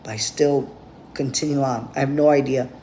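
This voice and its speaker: A man's voice: mid-range voice, steady tone, normal speed, warm tone, a little hiss or hum. A man giving a blunt, profane, rambling monologue straight to camera as a vlogger.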